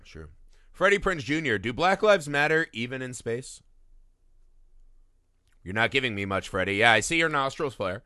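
A man's voice: mid-range voice, lively intonation, normal speed, pauses often, sharp tone, dry recording, clean studio sound. A man co-hosting a podcast, chatting casually and animatedly about a movie, swearing and mocking scenes. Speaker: podcast co-host. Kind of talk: casual movie-review chat.

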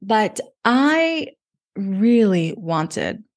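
A woman's voice: mid-range voice, sing-song, drawn-out words. Woman in her 30s chatting on a podcast, says like a lot, acts out her own thoughts. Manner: chatty, lots of "like", relives moments in quoted inner voice. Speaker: podcast guest, dating coach. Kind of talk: casual interview storytelling.

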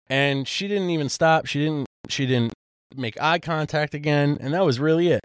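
Smooth-voiced man chatting casually. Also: fairly high pitch, normal speed, no room sound, studio quality. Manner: rambling with many fillers and restarts. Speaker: podcast co-host. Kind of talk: casual chat.

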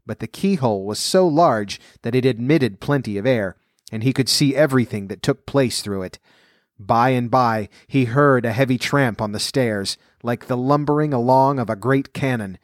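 A man reads a fairy tale aloud in a steady, even manner. His voice sits at an ordinary mid pitch. The recording is dry and close, with no room sound. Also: moderate pace, no echo. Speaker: storyteller. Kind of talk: scripted narration of a fairy tale.

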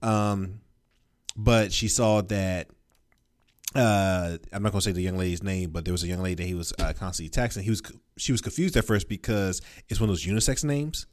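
A man in his thirties, a father, telling stories in a relaxed casual chat. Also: deep voice, brisk. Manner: laid-back storytelling with mimicked quotes.

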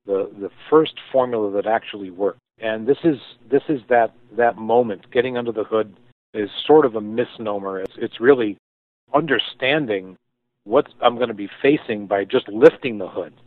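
A man with a fairly low voice tells his story slowly and thoughtfully, restarting his sentences as he goes. The sound is thin and phone-like. It is dry, with no room around it. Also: no room sound. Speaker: guest, company founder. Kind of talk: storytelling interview answer. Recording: tinny phone-like line, dry.

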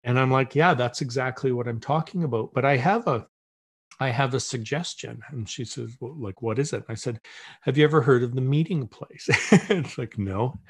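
A man's voice: medium pitch, moderate pace, husky. A middle-aged man as a podcast guest, telling a story in casual conversation and acting out the voices he quotes, with many restarts.

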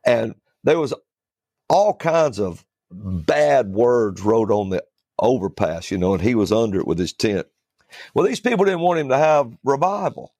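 A man's voice: medium pitch, animated, a little slow, darkish tone, dry recording, studio quality. A man who is a preacher, telling a folksy story in a casual talk-show chat. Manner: fiery and preachy, then folksy anecdote-telling.

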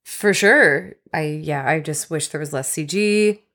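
A woman's voice: low voice, a little slow, fairly bright tone. A woman co-hosting a casual film chat, frank and wry in her opinions. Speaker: podcast co-host. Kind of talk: casual movie discussion.

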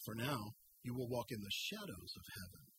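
A man voicing a booming, calm heavenly spirit that speaks in solemn, measured, reassuring tones, with loud guitar music underneath. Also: a little hiss or hum, rough recording.

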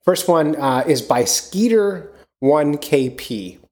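A man's voice: on the high side, expressive, slow pace, darkish tone. A man hosting a casual podcast, rambling and upbeat with lots of fillers. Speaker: podcast host.

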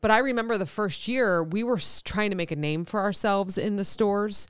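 A woman's voice: medium pitch, clean tone, dry recording, studio quality. Tired woman co-host asking questions. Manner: eager listener, quick reactions, asks follow-up questions. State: tired, yawning. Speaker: podcast co-host. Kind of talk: casual chat.

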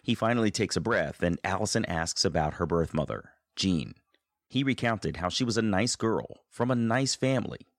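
A male host reading scripted narration for a radio story in a calm, measured tone. His voice sits very low. The sound is close and dry, with no room around it. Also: dry recording.

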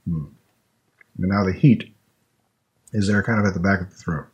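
A husky, low-voiced podcast host talks at normal speed while trying snacks. He's chatty, musing aloud with fillers as he eats.

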